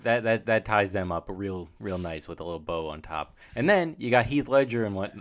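Podcast co-host, young man, lower voice, dry wit. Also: expressive, brisk. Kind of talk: casual movie-recap chat.

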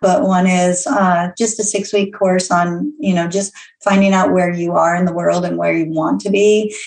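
Gravelly woman in an echoey room. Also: on the low side, flat delivery, normal speed, darkish tone. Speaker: guest, coach and teacher. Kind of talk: casual chat.

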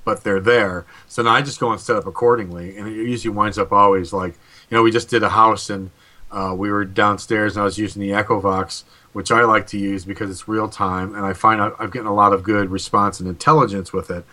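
A man's voice: fairly low pitch, steady tone, brisk, sharp tone. A man who investigates hauntings and calls himself psychic, rambling casually on a live video call show and acting out what people said. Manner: rambling, restarts often, acts out quotes. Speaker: paranormal investigator and psychic co-host. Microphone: video call mic.

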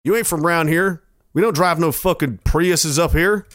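A man's voice: fairly high pitch, normal speed, a bit bright, no echo, studio quality, lightly acted. A man voicing an aggressive, swearing rural cowboy who threatens outsiders. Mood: menacing. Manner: gruff, threatening and profane.

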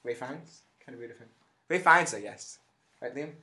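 A man's voice: medium pitch, expressive, normal speed, sharp tone. A man co-hosting a casual podcast from a home basement, joking and laughing often. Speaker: podcast co-host. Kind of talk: casual chat.

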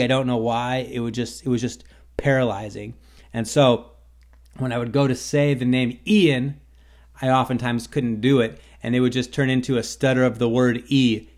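A man talks on his own in a loose, rambling way, dropping dry sarcastic asides. His voice sits at a middle pitch, neither high nor low. He hosts the show alone. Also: darkish tone. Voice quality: stutters on his own name at times. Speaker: podcast host. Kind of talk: casual solo monologue.

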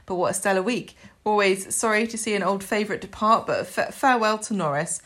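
A woman's voice: mid-range voice, a little fast, a bit bright. A woman co-hosting a podcast, reading listener emails aloud with chatty asides. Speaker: podcast co-host.

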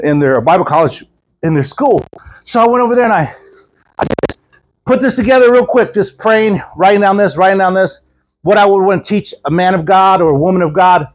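A traveling preacher from Texas gives a casual sermon at a church gathering. His voice is fairly high and husky. He tells folksy stories and doubles back on his words as he goes. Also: rough recording. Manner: folksy storytelling, repeats words often. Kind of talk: informal sermon.

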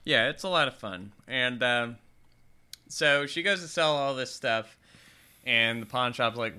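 A young man co-hosting a podcast, casually recapping a movie, animated, laughing often and swearing freely. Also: medium pitch, unhurried, clean tone. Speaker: podcast co-host.

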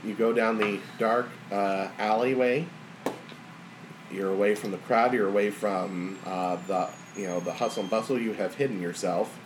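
A man narrating as game master of a tabletop game, relaxed and halting with fillers. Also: lowish voice, background noise.

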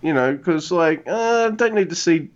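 Excitable sweary man, dull lo-fi audio. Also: on the high side, normal speed. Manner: excitable, profane. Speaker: podcast co-host. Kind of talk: casual wrestling chat. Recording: dull lo-fi sound.

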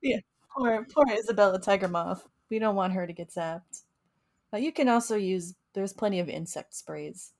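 A young adult woman who researches mosquitoes co-hosts a podcast, chatting casually and explaining things with frequent laughs and restarts. Her voice is medium-pitched and moderately paced.

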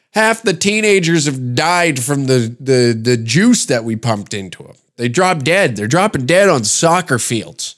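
A man's voice: medium pitch, expressive, unhurried. A man from Canada hosting a comedy podcast, ranting in a rambling, sarcastic, profane way with many restarts. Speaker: podcast host.

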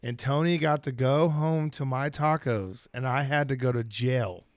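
A man's voice: mid-range voice, a little slow, no echo. A middle-aged man on a podcast telling a profane story, laughing and acting out quotes. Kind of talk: casual storytelling chat. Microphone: studio mic.

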